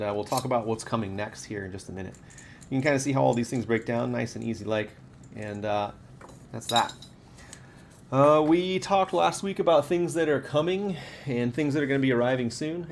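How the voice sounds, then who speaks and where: A man's voice: mid-range voice, slight background noise. A man hosting a live stream from his workshop, showing off lightsaber parts in a rambling, chatty way that corrects itself as he goes. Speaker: saber parts maker and stream host. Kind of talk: casual live stream product showcase. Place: home workshop studio with camera and key light.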